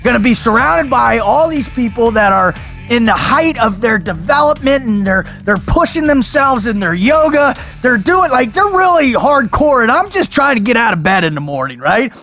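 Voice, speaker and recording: A man hosting a podcast, talking with excitable energy, swearing and calling his guests brother and dude. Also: very high-pitched, moderate pace, soft background music. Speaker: podcast host. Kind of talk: energetic casual chat.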